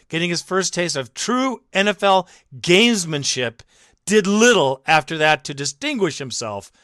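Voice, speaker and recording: A man with a slightly high, somewhat bright voice hosts a sports podcast, ranting sarcastically and mockingly at a critic who isn't there and addressing him directly. He swears indignantly, and the recording is dry and studio quality.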